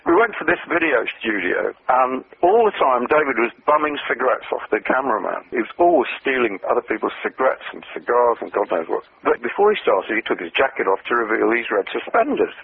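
An older man telling anecdotes as an interview guest, animated, acting out the people he quotes. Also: medium pitch, fairly quick, vocal fry, hardly any pauses, breathy edge. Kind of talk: anecdotal storytelling. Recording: tinny phone-line radio audio.

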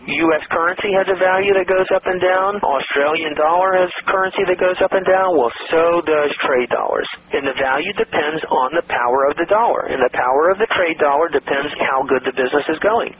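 A man's voice: a little high, highs cut off, background noise. A man coaching listeners on business deals in a persuasive instructional talk, often checking that they are following along.

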